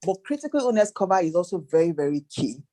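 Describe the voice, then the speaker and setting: A woman's voice: lowish voice, big pitch swings, quick pace, mellow. Woman financial planner, emphatic advice. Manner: emphatic, lists figures, asks rhetorical questions. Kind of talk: advice talk.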